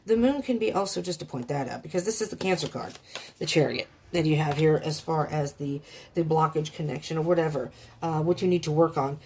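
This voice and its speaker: Woman doing a tarot reading, lowish voice, rambly and emotional, bit of hiss in the background. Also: fairly quick, darkish tone. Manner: rambling, emotional, talks to herself. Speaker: tarot reader.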